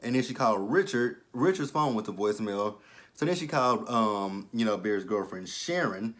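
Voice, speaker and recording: A man's voice: lowish voice, moderate pace. A young man hosting a casual episode review, talking loosely, swearing freely and acting out the characters' lines. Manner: animated, profane, acts out the characters' lines. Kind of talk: casual recap and commentary.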